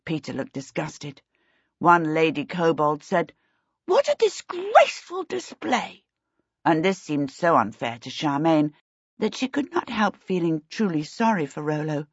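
A woman reads a storybook aloud in a steady, expressive way. Her voice is husky and breathy at mid pitch. The recording is dry and somewhat dull, with no room sound. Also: moderate pace, dry recording. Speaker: audiobook narrator. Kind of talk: scripted storybook narration.

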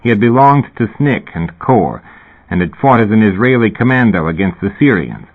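A man reading a novel aloud in measured, dry scripted narration. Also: lowish voice, big pitch swings. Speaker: audiobook narrator. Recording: tinny phone-like recording.

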